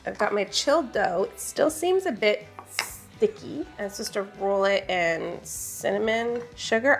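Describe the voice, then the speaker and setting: A woman's voice: mid-range voice, creaky. Chatty woman hosting a baking video. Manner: chatty and upbeat, thinks aloud while working. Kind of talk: casual baking vlog chat. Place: home kitchen.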